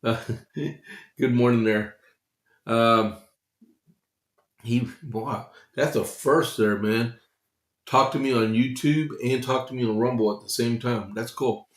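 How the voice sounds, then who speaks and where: A man's voice: medium pitch, fairly even intonation, slow, long pauses. A man hosting a casual political news livestream, talking loosely to his viewers with many fillers. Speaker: host. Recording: echoey room.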